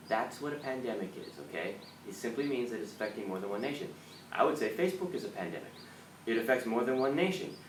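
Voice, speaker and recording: A man hosting a live motivational talk, earnest and animated, now and then acting out panicked voices. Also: mid-range voice, fast. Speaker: live stream host. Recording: roomy, from a distance, faint background noise.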